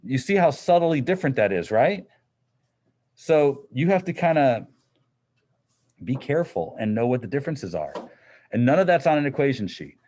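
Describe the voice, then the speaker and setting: A man's voice: mid-range voice, sing-song, moderate pace, long pauses, dark tone. A middle-aged man teaching a physics class in a classroom, explaining in a casual, conversational way. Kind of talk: classroom lecture.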